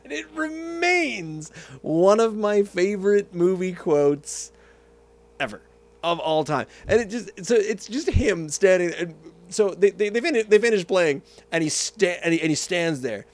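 A man's voice: sits high, lively intonation, measured pace. A man vlogging casually, telling a rambling story and tasting a beer, often correcting himself and going off on tangents.

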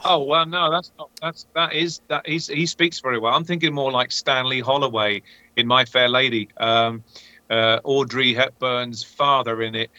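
A man with a British accent co-hosting a casual talk podcast, speaking in a measured, thoughtful way. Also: medium pitch, fairly even intonation, pushed and bright, dry recording, dull audio. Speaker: podcast co-host. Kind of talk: casual chat.

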